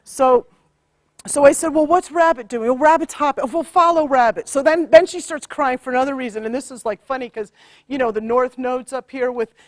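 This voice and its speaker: A woman's voice: high-pitched, a little fast, dry recording, studio quality. A woman working as an astrologer and healer, animatedly recounting a client session with frequent laughter and acted-out quotes. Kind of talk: storytelling about a client session.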